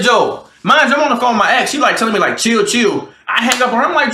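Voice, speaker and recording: A man's voice: very high-pitched, animated, a little fast, pushed and bright, reverberant. A man in his twenties, a streamer telling a profane storytime to his live chat and acting out both sides of an argument. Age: 20s.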